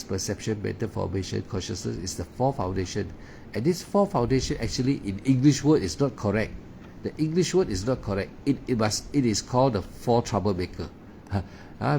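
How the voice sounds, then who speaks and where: A man gives a meditation talk in halting, non-native English, filling his pauses with "ah" and "uh" and repeating words. His voice is mellow and relaxed. Faint noise sits under the recording. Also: mid-range voice, gravelly. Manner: hesitant, frequent "ah" fillers and repeated words. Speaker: meditation teacher. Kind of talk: Dharma talk.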